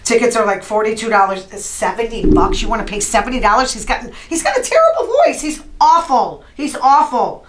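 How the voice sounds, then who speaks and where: A woman hosting a podcast, chatting in an opinionated, animated way as she retells gossip and quotes people. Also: a little high, fairly quick, few pauses, echoey room, a little hiss or hum, poor audio. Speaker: podcast host. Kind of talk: casual gossip monologue.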